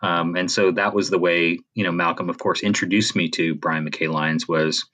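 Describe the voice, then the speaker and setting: A man's voice: low-pitched, steady tone, moderate pace, few pauses, bright, forceful tone. A Canadian-born man co-hosting a podcast in casual chat, rambling with many fillers and restarts. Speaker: podcast co-host.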